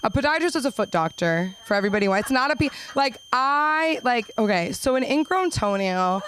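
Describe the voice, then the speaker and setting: A woman's voice: fairly high pitch, animated, a little fast, hardly any pauses, fairly bright tone, a little hiss or hum, poor audio. A young woman doing a stand-up set at an open mic, chatty and self-deprecating, often slipping into silly voices. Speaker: stand-up comedian. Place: comedy club stage.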